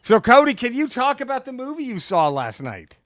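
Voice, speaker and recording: A man's voice: very high voice, wildly swooping pitch, fairly quick, fairly bright tone. A man hosting a casual podcast chat, boisterous and teasing, laughing often. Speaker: podcast host.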